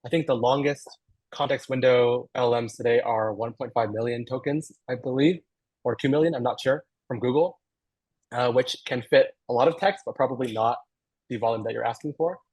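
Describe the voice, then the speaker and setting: A man's voice: medium pitch, brisk, darkish tone, breathy edge, rough recording. A man giving a technical talk, answering audience questions on a video call, hesitant and thinking aloud with fillers. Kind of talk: online Q&A after a technical talk.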